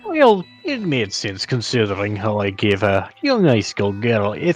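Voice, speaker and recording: Tipsy male co-streamer, fairly low voice, loose and jokey, faint music behind. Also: wildly swooping pitch, measured pace, few pauses. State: tipsy from wine. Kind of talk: casual live-stream chat while gaming.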